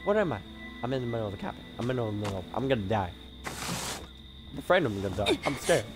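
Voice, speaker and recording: A man giving casual gameplay commentary as the host of a gaming channel, rambling, excitable and self-mocking, swearing often. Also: medium pitch, brisk, music in the background.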